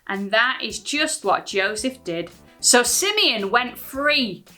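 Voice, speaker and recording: Bright, lively English woman presenter. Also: fairly high pitch, slow, faint music behind. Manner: lively, sing-song storytelling. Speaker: children's ministry presenter. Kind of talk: reading a rhyming bible story to kids.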